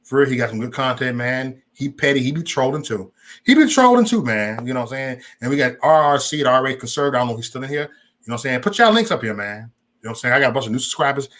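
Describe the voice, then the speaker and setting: Animated, profane man hosting a livestream. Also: medium pitch, fast talker. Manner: profane, loose and rambling, talks straight to chat. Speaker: livestream host. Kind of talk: casual livestream chat.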